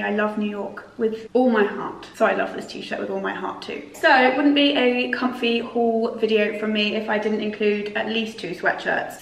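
A chatty British woman in her twenties talks through a clothing haul at home, bubbly and quick to poke fun at herself. Her voice sits a little high. She is recorded in an echoey room, somewhat away from the mic. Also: far from the mic. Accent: British English. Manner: chatty, bubbly, self-mocking asides. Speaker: fashion vlogger. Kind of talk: casual try-on haul chat. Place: home room, seated by a sofa.

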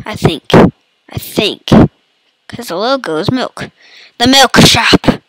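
A woman talks over her gameplay in a high, hoarse voice that keeps catching on a cough. She is playful and chatty, tossing jokey asides to her viewers at an unhurried pace. Her mic is close and dry. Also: expressive, fairly bright tone, no room sound, poor audio. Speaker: gaming YouTuber. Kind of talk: casual let's-play commentary. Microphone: computer mic.

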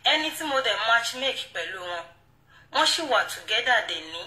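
A young woman with a Yoruba accent speaking to camera in an emotional monologue, pleading, apologetic and halting. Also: fairly high pitch, expressive, bright, forceful tone, reverberant, recorded from a distance, rough recording. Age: young adult. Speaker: video creator.

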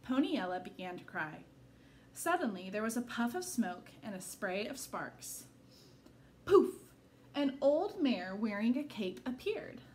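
With a medium-pitched voice and a slightly unhurried pace, a woman from a school staff performs a children's picture book aloud, bringing an expressive, story-time quality to the reading.

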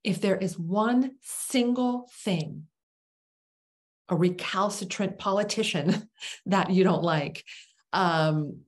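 A woman teaching as a spiritual teacher, telling a parable slowly with dramatic pauses and dropping into a whisper on key words. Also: mid-range voice.

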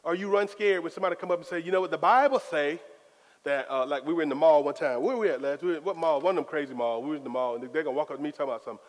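High-voiced man preaching in a reverberant hall. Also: rapid-fire. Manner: lively, conversational preaching with Southern Black church phrasing. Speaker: pastor. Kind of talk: sermon.

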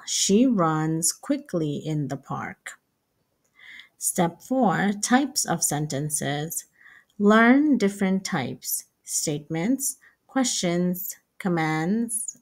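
Woman teaching english, low-ish voice, super slow and careful, repeats every example. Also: darkish tone. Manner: slow, deliberate, repeats each example sentence. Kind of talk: slow step-by-step English lesson.

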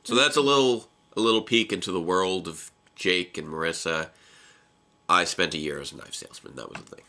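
A young man co-hosting a casual live reaction video, exclamatory and animated, often restarting his sentences. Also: sits low, a little fast. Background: television episode playing.

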